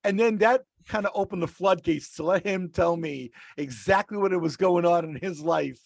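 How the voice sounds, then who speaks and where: High, gravelly man telling stories. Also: normal speed, no room sound. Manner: rambling, restarts mid-sentence. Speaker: podcast regular, rideshare driver. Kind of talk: casual storytelling.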